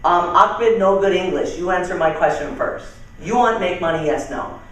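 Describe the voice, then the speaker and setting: A man voicing a cheerful, newly arrived immigrant who speaks in halting, clipped broken English, heard from far off in a very echoey room. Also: very high-pitched, fairly even intonation, a bit bright, voice pushed up. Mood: insistent.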